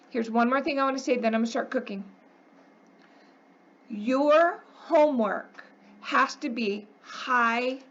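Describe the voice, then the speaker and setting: A woman's voice: high voice, highs cut off. A woman math teacher lecturing her class, emphatic and coaxing, often checking in with "okay?".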